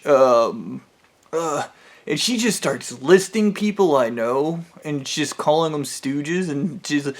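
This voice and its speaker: A vlogger with a gravelly, mid-range voice tells a rambling story from his own life at normal speed. He's casual and profane, with plenty of fillers.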